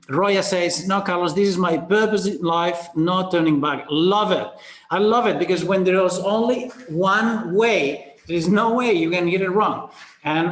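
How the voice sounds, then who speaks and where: High-voiced man giving a punchy webinar. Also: roomy sound. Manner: fast, punchy and casual, with fillers and the odd swear. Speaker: business coach presenting a webinar. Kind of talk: energetic sales webinar talk.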